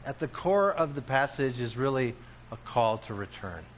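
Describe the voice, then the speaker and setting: A male pastor preaching a sermon, dropping to hushed, slow lines and then rising to loud, emphatic declarations. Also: medium pitch, lively intonation, slight background noise. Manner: swings between hushed, slow passages and loud, emphatic bursts.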